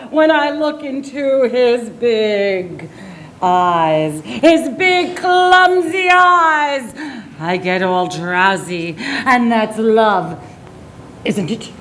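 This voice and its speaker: A woman playing a drowsy, boozy chaperone with a slow, sleepy drawl. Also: sits high, expressive, fairly bright tone, a little hiss or hum, full character voice. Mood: dreamy.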